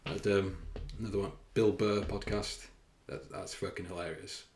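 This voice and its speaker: Low-voiced man rambling in a roomy echo. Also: fairly even intonation, moderate pace, darkish tone. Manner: rambling and self-conscious, with frequent fillers and swearing. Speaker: fitness coach and podcast host. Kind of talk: casual solo podcast chat. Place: room indoors, filming himself.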